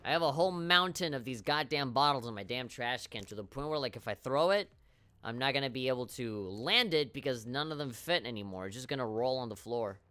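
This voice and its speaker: A man's voice: medium pitch, lively intonation, a little fast, bright, forceful tone, clear, resonant tone. A man streaming a video game live, rambling with wry, profane commentary.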